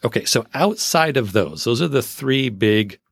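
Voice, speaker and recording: A man's voice: mid-range voice, animated, moderate pace, creaky, slightly rough, no room sound. A man hosting a podcast, explaining tools step by step in casual chat, spelling out names and giving frank opinions. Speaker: SEO podcast host.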